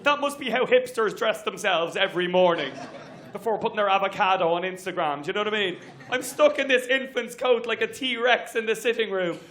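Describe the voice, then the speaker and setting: An Irish man doing a stand-up set on a comedy stage. He talks briskly and chattily and works the crowd with asides. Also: high voice, a bit bright. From Ireland. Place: comedy venue stage with audience.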